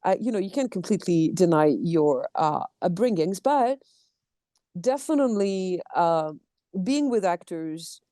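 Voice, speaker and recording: A woman from France with a French accent, a voice director and actor talking as a podcast guest in a lively, expressive way, acting out quotes. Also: on the low side, measured pace, no room sound, studio quality. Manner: animated, expressive, acts out quotes. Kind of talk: casual interview chat.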